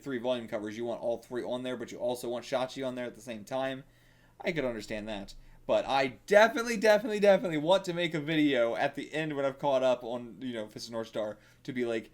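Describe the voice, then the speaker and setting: A man with a mid-range voice reads manga and gives casual reaction commentary. He's excitable, thinks aloud, and swears frequently.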